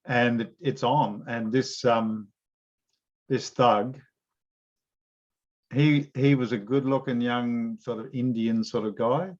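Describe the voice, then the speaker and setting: A man interviewing a guest and telling animated stories in a casual, slangy way. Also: medium pitch, slow pace, pauses often, lo-fi sound. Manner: animated storyteller, blokey slang.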